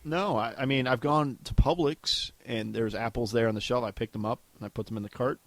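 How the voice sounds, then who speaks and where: A man's voice: mid-range voice, a little fast, dry recording. A man co-hosting a casual podcast on a headset mic, joking around and acting out the voices in his stories. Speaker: podcast co-host.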